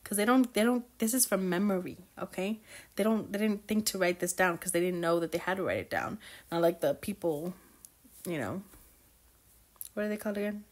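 A woman's voice: medium pitch, animated, a little fast. A young woman chatting casually as she recaps a novel for her book club, gushing and acting out characters' lines.

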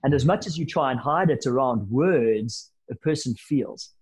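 A man in his thirties, a podcast guest telling anecdotes in a lively, casual way with bits of slang. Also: medium pitch, moderate pace, slightly rough, low-quality recording. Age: 30s. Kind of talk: storytelling in a podcast interview.

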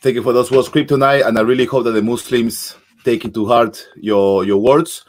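A man's voice: medium pitch, fairly even intonation, normal speed. A man hosting a live-stream interview, polite and encouraging.

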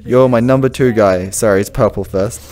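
A man's voice: lowish voice, moderate pace, darkish tone. An Australian man hosting a gaming video, joking and teasing his teammates in casual banter over a VR headset mic. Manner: joking, teasing, laughs often.

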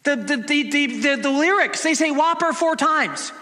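Man, pastor, playful sermon, bright tense high voice, long church-hall reverb. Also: normal speed. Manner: playful, sings snippets of ad jingles to the congregation. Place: church sanctuary.

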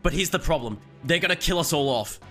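A young man giving joking, excitable gameplay commentary with sudden shouts. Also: a little high, quick pace. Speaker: gaming streamer. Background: background music.

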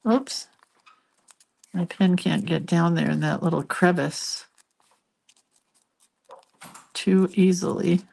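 Chatty older woman with a lowish voice. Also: fairly even intonation, slow, gravelly, pauses often, darkish tone, slightly rough. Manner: chatty and giggly, storytelling with asides. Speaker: hand-lettering artist hosting a live stream. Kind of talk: casual live-stream chat while drawing.

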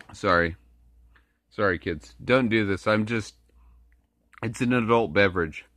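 A man's voice: fairly low pitch, takes it slowly, fairly bright tone, dry recording, studio quality. A man vlogging in a rambling, casual way, full of crude jokes and asides.

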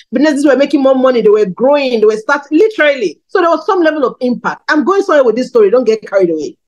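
Woman in her 30s from Nigeria, fairly high voice, candid sermon testimony, swinging pitch. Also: a little mellow, rough recording. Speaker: preacher.

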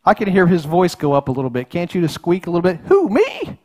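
A man's voice: on the high side, fast. Earnest folksy pastor, a man. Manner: folksy, earnest, repeats words and restarts. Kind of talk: sermon. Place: church sanctuary.

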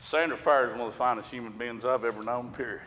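A man's voice: mid-range voice, fairly even intonation, fast, very noisy. A middle-aged man, preaching a sermon as pastor in folksy storytelling fashion, rising to emphatic preaching. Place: church sanctuary. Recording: long church reverb.

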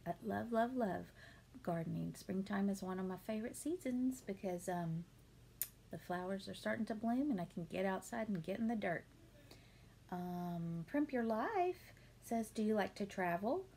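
Woman in her thirties, home vlogger, casual Q&A, gravelly fry, faint hiss behind. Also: medium pitch. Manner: chatty, warm-hearted, many ums and laughs. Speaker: beauty vlogger answering viewer questions. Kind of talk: casual Q&A chat.

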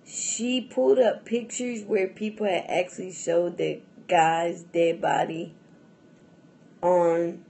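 A woman's voice: fairly low pitch, steady tone, slow pace, creaky, warm tone. A young adult woman vlogging in a casual, rambling chat to camera, full of fillers and restarts and often breaking into laughs.

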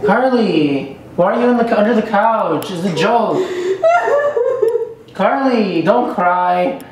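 A man's voice: sits high, lively intonation, slow pace, heavy reverb, crowd noise. A man filming a casual prank vlog who talks in a teasing, repetitive way and keeps pleading with his girlfriend. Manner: pleading and teasing, repeats himself. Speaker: prank vlogger.

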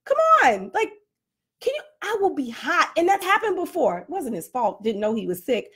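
Woman vlogger, high voice, animated self-mocking rant, slightly winded post-workout. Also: normal speed. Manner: animated, self-deprecating, laughs often. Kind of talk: casual comedic rant to camera.

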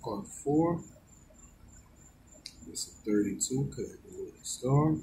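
Slow easygoing man calling out numbers. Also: medium pitch, big pitch swings, creaky, mellow, a little hiss or hum, low-quality recording. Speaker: lottery scratch-off vlogger. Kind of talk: casual narration while scratching a ticket.

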